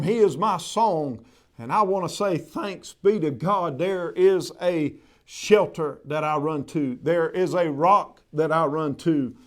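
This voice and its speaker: A man preaching a sermon, in a fervent, repetitive preaching cadence. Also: high voice. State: recovered from covid.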